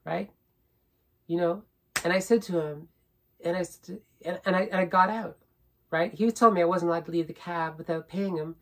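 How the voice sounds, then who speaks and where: A woman's voice: on the low side, normal speed, long pauses. A woman vlogger telling a personal story in a rambling, repetitive way, often adding "right?" and growing indignant as she stresses her points. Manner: indignant, building emphasis.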